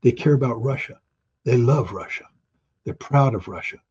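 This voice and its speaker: Blunt and emphatic, a guest commentator in an opinionated interview alternates punchy emphasis with quick asides and leans on rhetorical questions. His voice is husky, slightly rough and darkish, heard through dull, lo-fi audio that sounds like the highs were cut away.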